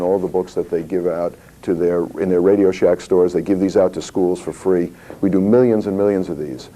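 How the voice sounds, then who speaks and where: Deep mellow man telling anecdotes. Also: poor audio. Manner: storytelling, acts out voices in quotes, many fillers. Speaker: comics publisher giving a talk. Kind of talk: anecdotal public talk. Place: historical society talk.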